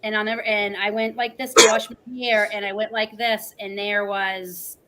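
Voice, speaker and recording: A woman's voice: medium pitch, little pitch movement, moderate pace, pushed and bright, rough recording. A woman in her forties, a livestream guest, telling a personal story in an earnest, emotional, talkative way.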